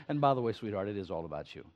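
Older pastor preaching, folksy and fired up, lots of stammery restarts, kinda muffled. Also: male voice, on the low side. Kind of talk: sermon. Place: church. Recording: slightly muffled sermon recording.

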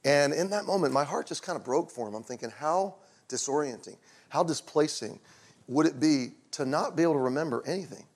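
A middle-aged male pastor telling a personal story in a conversational sermon, going quiet and low in tender moments. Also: animated, brisk.

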